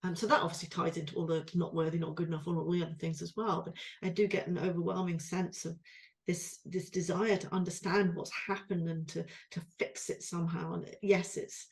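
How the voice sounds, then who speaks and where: A woman's voice: on the low side, flat delivery, brisk, vocal fry, a little mellow. A woman co-hosting a podcast, talking in a rambling, self-interrupting and emotional way. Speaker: podcast co-host. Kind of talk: reflective conversational chat.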